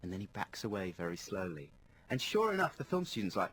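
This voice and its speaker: A man co-hosting a radio show, chatting into a studio microphone. His voice rises and falls widely as he tells stories in loose, animated banter. A faint hiss sits under his voice. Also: lowish voice, fast talker. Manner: animated storytelling with lively shifts in tone. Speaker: radio co-host.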